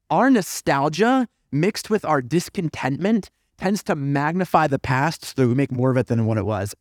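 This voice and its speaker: A man preaching a sermon as a pastor in a church, lively and emphatic, with dry humorous asides. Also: fairly high pitch, no echo. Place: church sanctuary.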